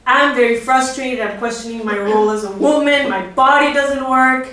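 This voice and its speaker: A woman with a slightly high voice tells a candid, wry story on a live stage. The sound is very roomy and caught from some distance off the mic. An audience is heard clearly, laughing along. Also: normal speed, fairly bright tone.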